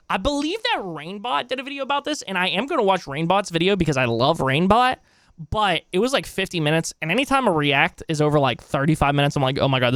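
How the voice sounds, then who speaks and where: A young man chats casually on a live stream, rambling from one thought to the next with plenty of swearing. His voice is a touch high and smooth, and the sound is dry and close. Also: fairly bright tone, no room sound. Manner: rambling, loose and chatty, swears often. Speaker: streamer reacting to videos.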